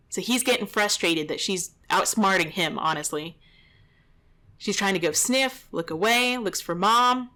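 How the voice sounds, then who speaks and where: A woman's voice: mid-range voice, sharp tone. A young adult woman, a dog trainer, giving indignant, exasperated running commentary over a training video.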